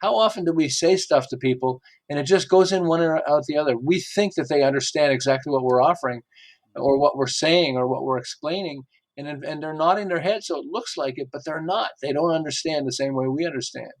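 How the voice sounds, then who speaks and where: A man's voice: a little high, brisk. A middle-aged man, a marketing expert guest, chatting casually and acting out quotes as he tells stories. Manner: animated storyteller who acts out quotes. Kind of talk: casual interview chat.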